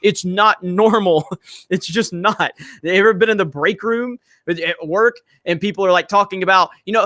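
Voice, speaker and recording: A man's voice: high-pitched, moderate pace, sharp tone, dry recording. A man with a slightly raised voice hosts a casual podcast talk and rants with emphatic exasperation. The sound is dry and close. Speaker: podcast host. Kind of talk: casual opinion chat.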